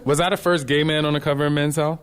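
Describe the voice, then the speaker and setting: A man hosting a live podcast, telling fitness stories to his listeners in a lively, direct way with laughing asides. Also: on the high side, fast. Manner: animated storyteller with laughing asides. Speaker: podcast host and fitness trainer. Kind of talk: live podcast talk to an audience. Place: live event venue.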